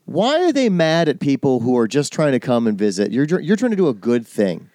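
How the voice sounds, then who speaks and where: Man, casual chat, opinionated, swears often, lively pitch, dry sound. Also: a little fast, dry recording. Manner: opinionated, profane, teasing.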